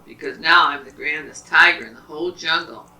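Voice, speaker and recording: Boastful male tigers, vain and loud, children's story voiced by a woman, distant echoey room. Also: a little fast, exaggerated voice. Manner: booming, boastful. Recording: roomy, from a distance.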